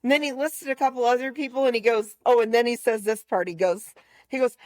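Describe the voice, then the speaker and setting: A woman's voice: fairly high pitch, fairly even intonation, fast, a little mellow, no room sound, studio quality. A woman co-hosting a podcast, telling a story in a casual chat and acting out both sides of the conversation. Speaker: podcast co-host.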